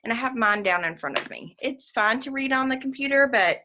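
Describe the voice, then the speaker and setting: A woman's voice: fairly high pitch, animated, fairly quick, background noise. A woman teacher in a remote class lesson, chatting upbeat with her young students and reading a passage aloud. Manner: upbeat, chatty, addresses kids as friends.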